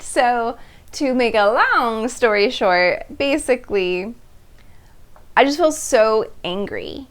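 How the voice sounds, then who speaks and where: A woman in her thirties, speaking with a voice pitched a little above most women's. She hosts a personal storytelling monologue in an animated, open way, laughing between phrases and briefly acting out how she reacted back then. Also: takes it slowly. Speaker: host.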